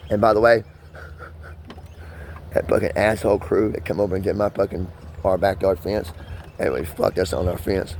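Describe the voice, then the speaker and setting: Here the American vlogger's voice is deep and a little mellow, with a faint hiss or hum underneath. He rambles to the camera in a rapid, pressured way, swearing nearly constantly.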